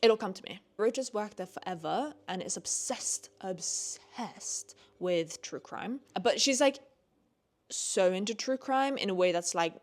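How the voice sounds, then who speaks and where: A woman's voice: mid-range voice, unhurried. Chatty young woman reviewing books. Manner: chatty, heavy use of "like", swears when annoyed; animated, rising into ranting bursts. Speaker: book vlogger. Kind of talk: casual book review vlog.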